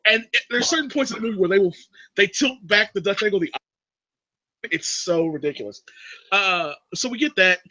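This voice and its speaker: Bright-voiced man recapping a movie. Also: fairly quick, dry recording, low-quality recording. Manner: animated storyteller, drops into a creepy low voice for quotes. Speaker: podcast host recapping a movie. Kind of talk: casual movie recap chat.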